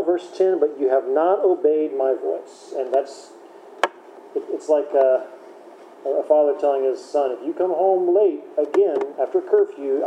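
A man's voice: on the high side, warm tone, lo-fi sound. A man leading a Bible study class, talking casually and chatty, correcting himself now and then. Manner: conversational, chatty, self-correcting with light laughs. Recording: echoey room with faint background noise.

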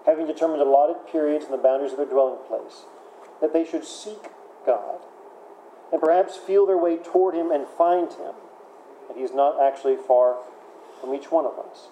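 A man's voice: fairly high pitch, normal speed, mellow, roomy sound, slight background noise, low-quality recording. A man preaching a sermon in a conversational way, often repeating words and using fillers. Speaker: pastor.

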